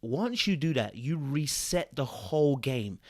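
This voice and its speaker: A man, hosting a podcast and reading out fan comments in a chatty, animated way that often repeats itself. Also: mid-range voice, unhurried, no echo, studio quality. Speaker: podcast host.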